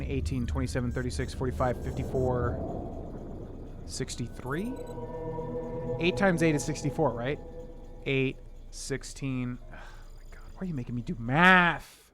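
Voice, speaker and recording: A man streaming a video game, thinking aloud as he works through sums and grumbles in a half-joking way. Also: mid-range voice. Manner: thinks aloud, counting and muttering sums to himself. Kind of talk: casual let's-play commentary.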